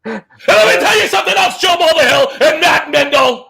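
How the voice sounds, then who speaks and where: A roaring, gravelly wrestling-promo ranter. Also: male voice, very high-pitched, expressive, a little fast, full character voice. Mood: triumphant. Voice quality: gravelly shouting. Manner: bellowing, scolding, whooping. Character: roaring wrestling-promo ranter, older man, brash and boastful. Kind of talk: comic impression rant.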